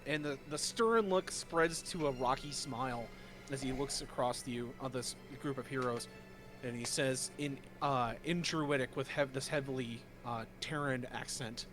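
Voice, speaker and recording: A man narrating as game master in a casual way, with many fillers. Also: a little high. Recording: noisy home mic.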